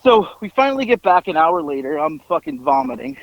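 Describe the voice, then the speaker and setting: Animated man telling a story. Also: fairly quick, creaky, no room sound, highs cut off. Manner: animated, mimics others in a high strained voice. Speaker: podcast co-host telling stories. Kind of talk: casual storytelling chat. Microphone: headphones over remote call.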